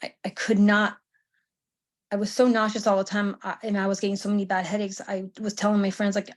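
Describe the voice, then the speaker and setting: A woman's voice: medium pitch, steady tone, brisk. A woman in her thirties, a veteran on a panel, telling her story casually over a video call, with many fillers and restarts.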